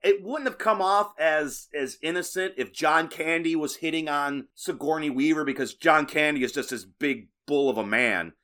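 A man's voice: a little high, moderate pace, hardly any pauses, pushed and bright. A man co-hosting a casual movie podcast, chatting and recounting film trivia. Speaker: podcast co-host.

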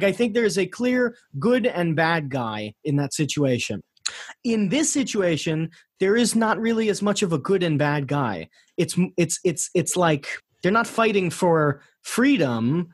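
A man's voice: sits high, big pitch swings, measured pace, no echo, studio quality. An American man casually retelling history on a podcast, rambling with frequent restarts. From United States.

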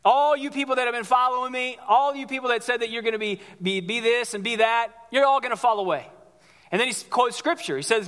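A male pastor preaching to a congregation in a church, lively, asking the room questions and acting out quotes. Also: very high voice, fast, smooth. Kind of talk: sermon. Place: church sanctuary before a congregation. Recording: long hall reverb.

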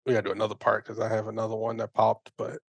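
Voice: mid-range voice, completely flat delivery, very fast, creaky, no room sound. A podcast co-host chatting casually and dropping in dry, teasing comments. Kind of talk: casual chat.

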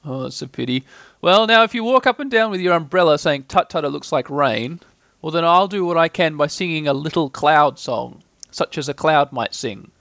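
A man voicing a gentle, simple-minded bear in a storybook reading, speaking slowly and earnestly. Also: on the high side, no echo. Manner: slow, earnest and ponderous.

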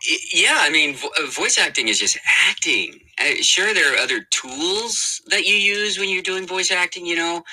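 A man's voice: mid-range voice, bright, forceful tone, poor audio. A man, a voice actor, chatting casually in an interview, laughing often and talking with many fillers and restarts. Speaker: voice actor guest.

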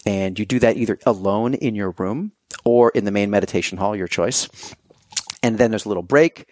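A man's voice: on the low side, fairly quick, a little mellow, dry recording. A man, a podcast guest, talking casually and telling stories with animation, acting out his own quoted thoughts. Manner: loose and conversational, many fillers. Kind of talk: casual conversation.

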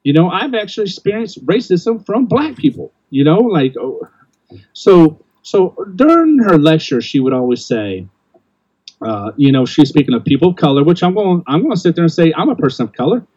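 A man's voice: on the high side, sing-song, normal speed, darkish tone, breathy edge, no room sound, lo-fi sound. An older man hosting a casual podcast chat, blunt and rambling, often restarting his sentences. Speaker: podcast host.

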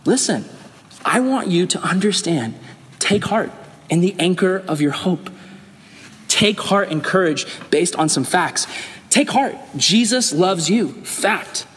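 A young man gives a youth sermon in a fairly high voice. He tells stories with animation and acts out the voices in them. Long reverb from the hall hangs on each line. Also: expressive, measured pace, fairly bright tone. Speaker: youth pastor.

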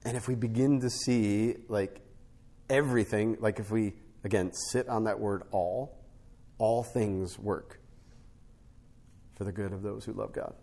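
A middle-aged man, a podcast guest, teaching on spiritual life through a family story, with an animated storytelling manner that often checks in with "right?". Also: lowish voice, measured pace, long pauses. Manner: animated storyteller, rises to emphatic peaks, frequent "right?" tags.

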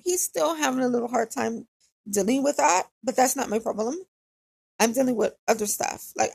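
A woman's voice: fairly high pitch, creaky, a little mellow, slightly rough, dry recording. A woman casually telling a personal story in a candid, conversational way, often repeating phrases for emphasis.

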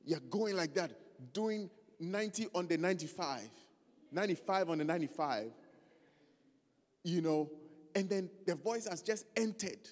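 A man preaching a lively sermon, loose and joking, often stopping to find his place in the text. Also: high-pitched, moderate pace, big-room sound. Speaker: pastor.

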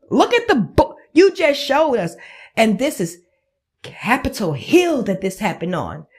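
A woman's voice: a little high, slightly rough. A woman podcast host, ranting in a heated, profane, emphatic way. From United States. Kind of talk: angry political rant.

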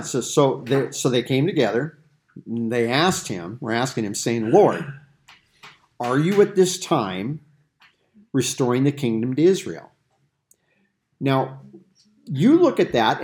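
A man's voice: mid-range voice, a little mellow. A man leading a Bible study discussion, explaining Greek grammar with everyday examples. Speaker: Bible teacher.

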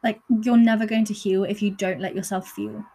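A woman's voice: medium pitch, fairly even intonation, a little fast, creaky, warm tone. A young woman hosts her podcast in a candid, earnest personal monologue, peppered with "like.". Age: young adult. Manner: candid and earnest, with frequent fillers like "like". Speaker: podcast host.

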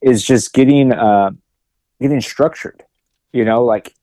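A man's voice: medium pitch, a little slow, dark tone, dry recording. A man co-hosting a podcast in casual chat, talking in a rambling, reflective way with many fillers. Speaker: podcast co-host.

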